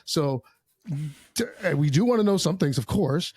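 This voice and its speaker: A man's voice: fairly high pitch, expressive, normal speed, darkish tone, breathy edge. A male podcast co-host asks questions in a casual, rambling way, starting over and adding fillers. He sounds close and dry, with no room echo. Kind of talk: casual interview.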